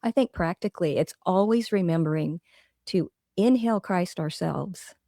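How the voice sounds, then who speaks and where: Earnest middle-aged woman, author guest; low pitch, dry close sound. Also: normal speed, vocal fry, warm tone, no echo. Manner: earnest, reflective, talks through examples. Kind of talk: casual interview conversation.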